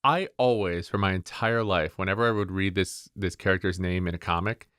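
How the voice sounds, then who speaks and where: A man co-hosting a podcast, calmly and methodically explaining card game rules in casual chat. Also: low voice, fairly quick, smooth, no echo, clean studio sound. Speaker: podcast co-host.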